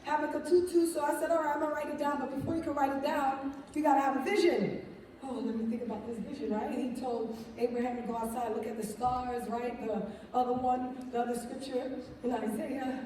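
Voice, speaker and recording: Heard from afar in a large, strongly echoing hall, a woman with a high voice gives a lively testimony to a live crowd, speaking a little fast. She laughs, acts out quotes and asks "right?" to check in with listeners, over a faint crowd murmur and a slight hiss or hum.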